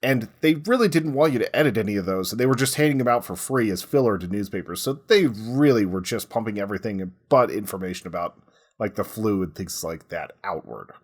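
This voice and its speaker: A man co-hosting a casual history podcast, explaining in a relaxed way with lots of "like" as filler. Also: lowish voice, a little fast, husky. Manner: relaxed, says "like" a lot while explaining. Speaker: podcast co-host.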